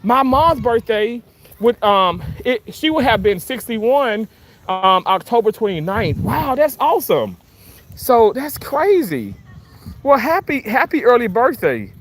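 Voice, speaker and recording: A man's voice: very high-pitched, sing-song, a little slow. A man in his thirties from Mississippi with a Southern accent, chatting casually on a livestream, reading comments aloud and laughing often. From Mississippi, USA. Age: 30s. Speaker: livestream host.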